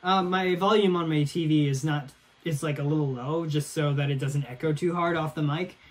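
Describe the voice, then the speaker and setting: A young man hosting a game playthrough, chatting casually with self-mocking, excitable asides. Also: fairly high pitch, normal speed. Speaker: let's play host.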